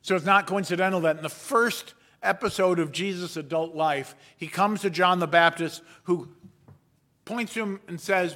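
Male pastor, sermon delivery, bright tense voice, unhurried and wry. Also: on the high side. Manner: measured, storytelling delivery with playful asides.

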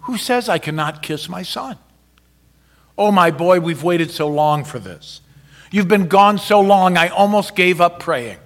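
A man voicing a loving middle-aged mother who speaks softly and tenderly, sometimes near a whisper. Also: high-pitched, expressive, a little slow. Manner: soft, tender, at times hushed.

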